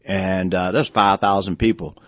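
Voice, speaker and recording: A man's voice: sits low, steady tone, normal speed, no room sound. A man in his seventies, a former coach, telling long rambling anecdotes in a casual interview. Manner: rambling anecdotes, frequent restarts and "you know". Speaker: former basketball coach, guest.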